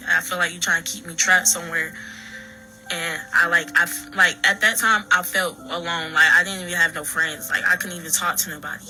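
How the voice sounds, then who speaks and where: A woman recounting her own story in halting, earnest talk full of restarts and fillers. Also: fairly low pitch, pushed and bright, poor audio. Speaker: daughter telling her story. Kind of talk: personal account.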